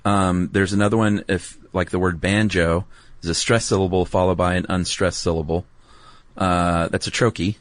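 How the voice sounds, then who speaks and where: A man's voice: deep voice, steady tone, normal speed, dry recording. A man co-hosting a podcast, talking in a laid-back, meandering way with lots of ums and asides. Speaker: podcast co-host. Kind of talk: casual explanatory chat.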